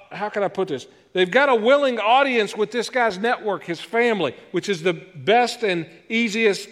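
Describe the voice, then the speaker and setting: A man preaching a sermon as a guest pastor, lively, with joking asides about himself. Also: sits high. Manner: self-deprecating joking asides, animated delivery. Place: church sanctuary. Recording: long hall reverb.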